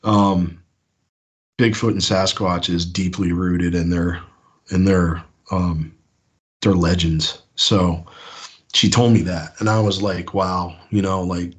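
A man from the US East Coast with a husky voice rambles through his stories as a caller, full of fillers and restarts. His voice sits on the low side. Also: little pitch movement, slow pace. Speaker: caller sharing encounters. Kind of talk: casual storytelling on a call-in show.

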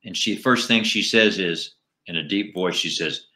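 A middle-aged man, a comedian and ventriloquist, telling animated anecdotes in a casual interview. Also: sits low, moderate pace.

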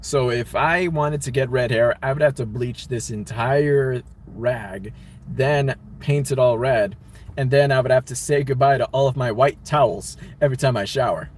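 A man's voice: medium pitch, moderate pace, darkish tone, a little hiss or hum. A young man casually chatting and reading viewer messages on a livestream, rambling and laughing often. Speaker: livestream host reading chat. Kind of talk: casual live-stream chat.

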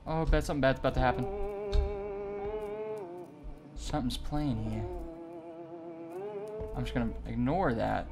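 A man playing a horror game on video, joking, swearing and reacting loudly to scares. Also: mid-range voice, moderate pace, creaky, long pauses, over music. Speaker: gaming video host. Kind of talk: horror game let's play commentary. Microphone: desk mic with facecam.

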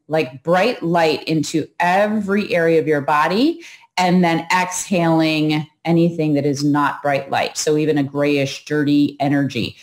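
Woman, host, low voice, calm, instructive, guided breathing talk. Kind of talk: coaching talk to viewers.

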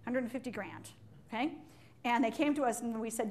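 A woman giving a live business talk to an audience in an animated, joking way, firing questions at the listeners. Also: on the high side, a little fast. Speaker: leadership speaker.

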